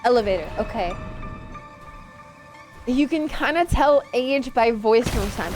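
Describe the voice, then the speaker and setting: A young woman with a slightly high voice talks casually while she plays a video game on stream. She reacts out loud to the game and answers her chat as she goes, with soft game music faintly behind her. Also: animated, a little slow, long pauses. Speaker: VTuber streamer.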